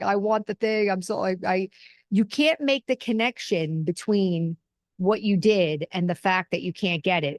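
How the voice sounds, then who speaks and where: This is a middle-aged woman hosting a spiritual talk show, her voice set at an ordinary, mid-range pitch. She teaches in an earnest, conversational way and leans on her own experiences to make each point. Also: dry recording. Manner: earnest, conversational, personal examples.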